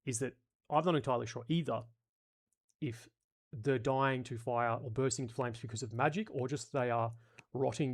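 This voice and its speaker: An Australian man hosting a live stream, reading chat comments and talking through ideas in a sweary, exasperated way. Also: mid-range voice.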